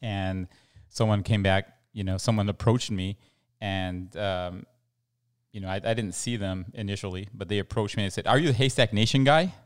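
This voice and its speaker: A man's voice: low voice, little pitch movement, moderate pace, a little mellow, clear, resonant tone. A middle-aged man from El Paso co-hosting a podcast in casual, rambling chat with many fillers. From El Paso, Texas. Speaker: podcast co-host.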